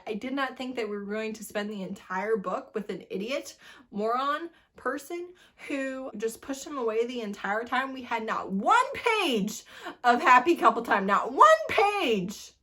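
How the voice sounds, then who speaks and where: A young woman reviewing books in a casual video, animated and exasperated, laughing as she rants. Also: fairly high pitch. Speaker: book reviewer.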